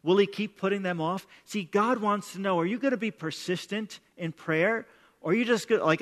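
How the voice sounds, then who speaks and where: Bright, high-voiced preacher in a reverberant hall. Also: male voice, normal speed. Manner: conversational and emphatic, repeats words when starting sentences. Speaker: pastor. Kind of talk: sermon. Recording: long reverb of a large hall.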